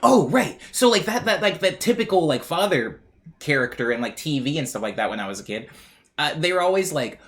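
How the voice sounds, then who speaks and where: Young guy streamer, chatty and jokey, voice bouncing all over in pitch, rambles a lot. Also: very animated, a little fast, fairly bright tone. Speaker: streamer reading chat. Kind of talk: casual chat.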